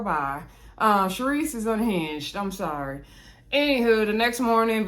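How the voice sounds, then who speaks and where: This is a woman casually recapping a reality TV episode. She talks in a chatty, gossipy way and throws sassy asides into the story. Her voice rises high for emphasis, then drops low for dry comments. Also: fairly bright tone. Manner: chatty, sassy asides, big pitch swings.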